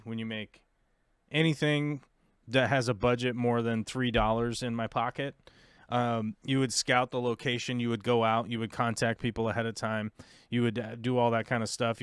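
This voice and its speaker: American man, casual live-stream host, rambling chatty talk, smooth clear voice, dry close sound. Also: medium pitch, dry recording. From United States. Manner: rambling, many fillers and restarts, chatty. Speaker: host of aquarium livestream.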